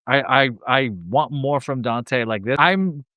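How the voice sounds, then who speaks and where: A man's voice: medium pitch, a little slow, no room sound, dull audio. A man co-hosting a podcast that breaks down a wrestling show, chatting casually, jokey and rambling. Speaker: podcast co-host.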